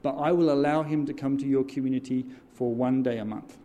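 In a sermon, a deacon with a mid-range voice tells a story fairly quickly and animatedly, coaxing answers from listeners through call-and-response. There's a bit of hiss or hum.

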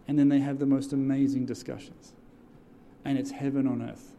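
Animated man preaching a story. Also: mid-range voice, fast, creaky, a little hiss or hum. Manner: animated, call-and-response with audience. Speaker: church deacon. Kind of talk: sermon storytelling.

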